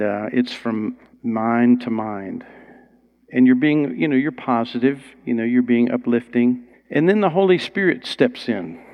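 A man's voice: mid-range voice, dull audio. A man preaching a sermon in a conversational, storytelling way. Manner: conversational, rising to excited storytelling.

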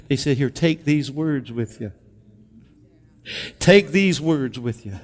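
A man preaching a sermon, swinging between loud, fervent exclamations and hushed, intimate passages as he reads and explains scripture. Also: fairly high pitch, gravelly, in a large hall. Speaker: pastor.

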